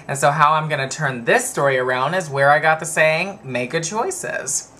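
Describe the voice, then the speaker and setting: A man's voice: fairly high pitch, a little fast, pushed and bright, slight background noise. A man in his twenties talking casually to camera in a vlog, rambling and digressing as he tells a personal story. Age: 20s. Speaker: vlogger.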